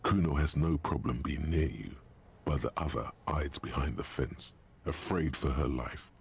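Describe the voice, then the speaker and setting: A gravelly, ominous game narrator. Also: male voice, a bass voice, heavily acted. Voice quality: gravelly, raspy. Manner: measured, ominous commentary. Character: deep gravelly male game narrator, grim and knowing. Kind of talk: video game voice-over narration.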